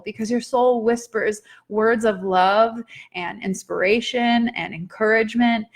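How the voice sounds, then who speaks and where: A woman's voice: a little high, fairly bright tone. A woman hosting a live stream, reading oracle cards and viewer comments in an upbeat, chatty way, swearing casually now and then. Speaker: oracle card reader, live stream host.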